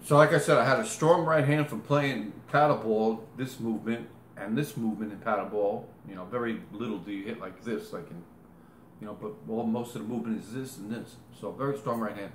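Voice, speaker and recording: A man's voice: on the low side, brisk, a little hiss or hum. A man telling a long personal story in casual talk, rambling and correcting himself as he goes, acting out movements. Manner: rambling, self-correcting, demonstrates with gestures. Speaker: interviewee. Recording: echoey room with faint ambience.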